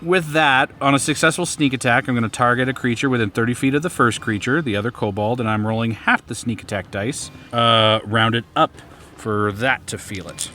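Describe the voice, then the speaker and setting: A man playing a tabletop game, excitable and laughing often as he describes his character's moves. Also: medium pitch, a little fast, a little hiss or hum. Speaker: player. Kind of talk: casual tabletop game play.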